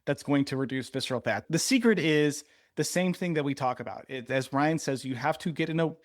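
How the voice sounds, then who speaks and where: Animated teasing man, dry close sound. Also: on the high side, fairly quick, dry recording. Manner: animated, teasing, explains at length. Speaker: podcast co-host. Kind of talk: casual podcast chat.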